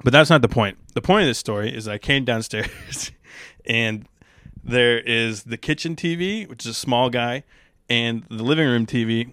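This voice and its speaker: A young man with a smooth, clear voice rambles through a casual solo monologue, wry and unfiltered, swearing freely. The sound is close and dry, with no room echo. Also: medium pitch, normal speed, a bit bright. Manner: rambling, crude and profane, wry. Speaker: stand-up comedian.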